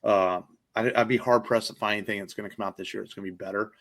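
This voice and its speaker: Talking films with obvious enthusiasm, a man co-hosting a podcast rambles along with plenty of fillers and the odd swear. His fairly low, slightly bright voice holds a steady tone, and his pace is quick.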